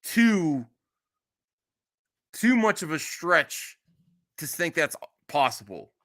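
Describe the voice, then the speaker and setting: A man's voice: a little high, big pitch swings, slow pace, a bit bright. A man hosting a casual live stream, reacting bluntly and with exasperation, swearing freely as he reads chat. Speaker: streamer host.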